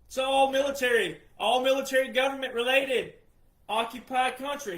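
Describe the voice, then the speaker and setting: A man delivering an impassioned political monologue, emphatic and repetitive, often rising to shouts. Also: very high-pitched, a little fast, roomy sound, poor audio. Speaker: political commentator.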